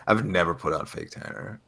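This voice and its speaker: A husky, low-pitched male voice with vocal fry and a sharp tone carries this casual podcast chat. The co-host tells stories, laughing often and using plenty of fillers.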